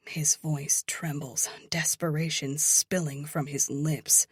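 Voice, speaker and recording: A woman reads a first-person romance audiobook in a low, husky voice. She takes her time, keeping much of it hushed and breathy, close to a whisper. The sound is close and dry. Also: level tone, takes it slowly, hardly any pauses, no room sound. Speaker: audiobook narrator.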